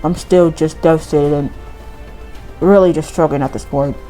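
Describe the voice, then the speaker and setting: A woman voicing a grieving, evasive adult male drama teacher, reading game dialogue aloud slowly in a put-on accent. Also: sits low, steady tone, warm tone, soft background music, pitched below the performer's own voice, lightly acted, poor audio. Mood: halting, sorrowful.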